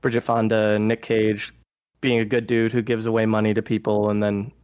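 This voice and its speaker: A man co-hosting a film podcast, recapping plots in lively casual chat and acting out lines. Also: on the low side, brisk, clean tone, dry recording, low-quality recording. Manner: animated, recaps plots with acted-out quotes. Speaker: podcast co-host.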